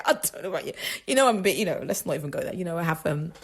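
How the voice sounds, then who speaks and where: A woman's voice: fairly low pitch, animated, rapid-fire. Chatty woman hosting faith radio. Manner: chatty, laughing, rambling with restarts. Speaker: radio show host. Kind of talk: casual faith talk monologue.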